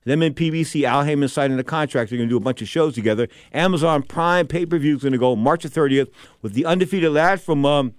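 A man's voice: on the high side, quick pace, dry recording. An older man hosting a boxing talk show, giving casual commentary in a rambling, digressive way full of wisecracks.

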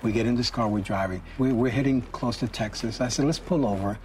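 A man hosting a boxing talk show, telling a story with lively acted quotes. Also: mid-range voice, a little fast, far from the mic, a little hiss or hum. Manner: animated anecdote with acted quotes. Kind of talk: casual storytelling.

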